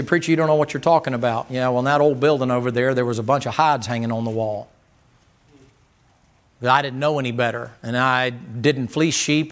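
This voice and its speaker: A man's voice: mid-range voice, a bit bright. A man preaching a sermon as pastor, folksy and emphatic, firing rhetorical questions at the congregation.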